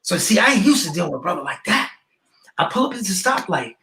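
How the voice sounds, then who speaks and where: Animated high-voiced man telling a story. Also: fast talker, gravelly, echoey room, a little hiss or hum. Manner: animated storyteller acting out dialogue, loud bursts. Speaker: guest educator. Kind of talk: storytelling in a podcast conversation.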